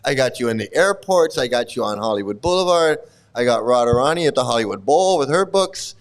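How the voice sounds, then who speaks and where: A man's voice: mid-range voice, expressive, fairly quick, pitched below the performer's own voice, close to an everyday voice. A man doing an impression of an irritable, domineering elderly male guru, speaking curtly and dismissively. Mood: boastful. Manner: curt, dismissive, scolding.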